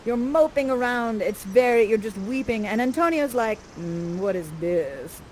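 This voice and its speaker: A woman's voice: a little high, slight background noise, low-quality recording. A woman acting as guide in interactive theater, chatting and directing the participants in a playful, theatrical way. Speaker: actor guiding participants.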